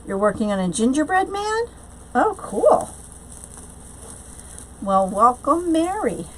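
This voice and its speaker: Very animated and high-pitched, a woman hosts a live craft tutorial from home at a moderate pace. She chats loosely, replies to viewers' comments aloud, and keeps trailing into fillers and restarts, over a rough recording with a little hiss or hum.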